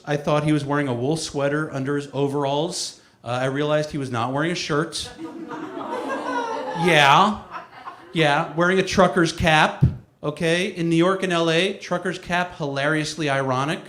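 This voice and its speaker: A male stand-up comedian spinning a story in a wry, self-deprecating way. His voice sits a bit high for a man and rings around an echoey room. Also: a bit bright, slight background noise.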